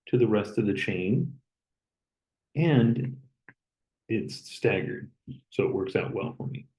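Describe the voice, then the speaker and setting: A man lecturing, explaining step by step as he draws and pausing on an occasional "okay". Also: medium pitch, dark tone, low-quality recording. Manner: plain, step-by-step explaining with okays. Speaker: chemistry lecturer. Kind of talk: recorded lecture while drawing.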